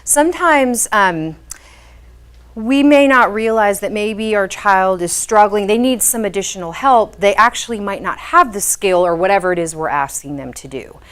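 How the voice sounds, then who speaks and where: A woman's voice: mid-range voice, fairly bright tone. Woman behavior specialist, instructional talk for parents, patient and explanatory. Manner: patient, explanatory, frequent "um" fillers.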